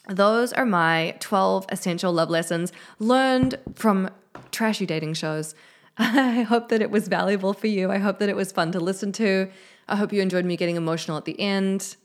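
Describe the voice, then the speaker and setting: A woman hosting her own podcast, talking candidly and emotionally in a casual solo chat, swearing now and then, into a studio microphone with a mixer. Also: medium pitch. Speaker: podcast host.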